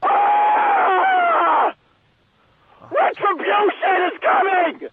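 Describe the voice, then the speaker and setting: A man playing a raging, crying caller who claims to be a movie star, shouting threats over a phone line. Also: extremely high pitch, expressive, normal speed. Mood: unhinged rage. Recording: tinny phone line with loud noise.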